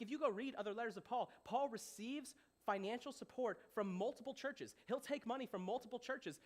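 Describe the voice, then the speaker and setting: High-voiced, animated young pastor man. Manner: animated, playful, asks the audience questions. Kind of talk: casual sermon.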